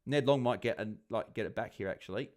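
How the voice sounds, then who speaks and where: Talking at a quick clip in a lowish voice, a man runs a live watchalong stream for fantasy football. He keeps it casual, reading out viewer comments and rooting for players.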